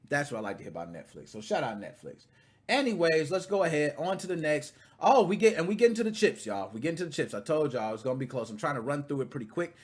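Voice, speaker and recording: A man hosting a casual gaming podcast, ranting animatedly and breaking into shouts when excited. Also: on the high side, quick pace, slightly rough. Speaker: podcast host.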